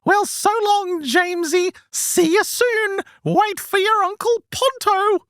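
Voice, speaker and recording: Man putting on a high, sing-songy goblin spirit; eunuch-like, pestering, dry close sound. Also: slow pace, a bit bright, no room sound, heavily acted. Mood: chummy. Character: uncanny goblin-like male spirit, cheery and pestering.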